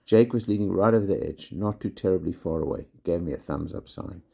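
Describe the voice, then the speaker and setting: A man, a primary school teacher, reading a children's storybook aloud in steady first-person narration. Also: low voice, brisk, vocal fry.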